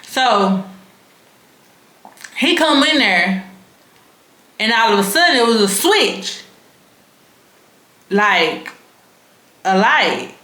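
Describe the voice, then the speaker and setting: A woman's voice: mid-range voice, sing-song, extremely slow, long pauses, sharp tone. A young woman, telling a story to her vlog audience in a frank, slangy, casually profane way. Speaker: vlogger. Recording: roomy echo.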